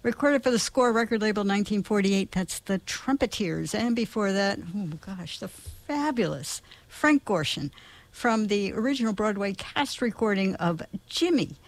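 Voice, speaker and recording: Woman, radio host, chatty and enthusiastic, mid-pitched, dry close sound. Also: animated, normal speed, no room sound. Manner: chatty and enthusiastic, with small asides. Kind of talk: casual radio announcing.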